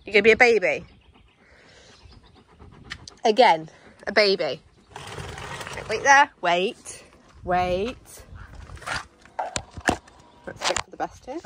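A woman's voice: mid-range voice, animated, slow pace, pauses often, background noise. A young woman and mother, chatting playfully in her back garden and coaxing her dogs in a sing-song voice. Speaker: vlogger and mother. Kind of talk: casual chat with pets and child.

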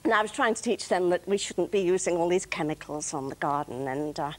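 Older lady reading her funny little poems, bouncy pitch, chatty, tv studio guest. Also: expressive, brisk. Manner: chatty, reads verse with playful timing. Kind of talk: light chat and poetry reading. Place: television studio.

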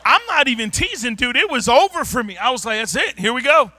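A man pastor preaching a sermon, telling a personal story in an animated way, often shouting and laughing. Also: extremely high pitch, fast talker, hardly any pauses. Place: church.

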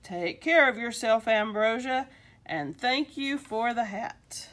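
A woman's voice: fairly high pitch, expressive, slow, fairly bright tone. Lady reading as fussy old uncle guy, grumbles at his hat, lots of ups and downs. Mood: cheerful. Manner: talks to himself, fretful back-and-forth.

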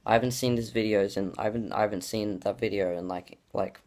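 A man's voice: lowish voice, a little fast, noisy background. Rambling guy with filler words. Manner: rambling, heavy use of "like" fillers and restarts; excitable, gushing exclamations. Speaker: YouTuber reacting to his childhood videos. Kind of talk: casual vlog reaction.

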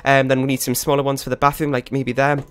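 A man's voice: mid-range voice, flat delivery, fast, clean tone, dry recording. Flustered man rambling over gameplay. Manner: flustered, rambling, self-critical. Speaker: gaming channel host. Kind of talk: live gameplay commentary. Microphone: desktop USB microphone.

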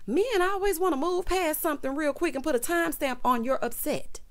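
A woman's voice: high-pitched, animated, moderate pace, hardly any pauses. Sassy woman recapping reality TV. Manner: sassy, talks straight to viewers, calls them honey and child. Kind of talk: casual recap commentary.

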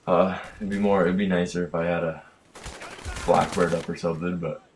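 A man's voice: sits low, level tone, normal speed. A tired, tipsy young man rambling through casual game commentary, trailing off and yawning late at night, recorded on a built-in computer mic. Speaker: gaming commentator. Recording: faint hiss from a built-in mic. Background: game gunfire.

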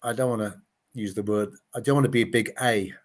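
A man's voice: lowish voice, fairly even intonation, quick pace. A man in his late sixties, a former TV gladiator, telling anecdotes in a casual interview and acting out the voices of the people he quotes. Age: 60s. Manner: chatty anecdotes, acts out quoted voices, frequent "you know".

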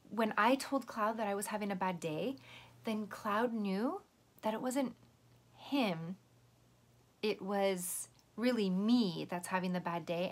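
A woman teacher giving a patient, gentle lesson to young children, explaining step by step. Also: mid-range voice.

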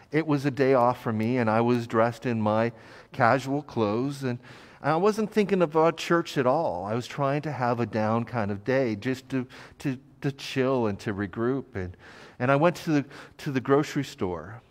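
Chatty male pastor in a reverberant church. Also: mid-range voice. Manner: conversational, self-deprecating storytelling with fillers. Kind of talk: sermon. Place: church sanctuary.

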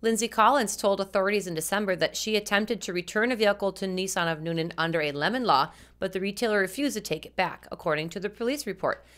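A woman's voice: mid-range voice, fairly bright tone. A woman co-hosting a scripted consumer news commentary, speaking directly and earnestly to viewers. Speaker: co-host.

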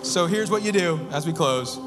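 A man's voice: fairly high pitch, lively intonation, moderate pace, crowd noise. A man in his thirties preaching a sermon as pastor, earnest and building to fervent, repeated phrases. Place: church sanctuary. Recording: long church hall reverb with music behind.

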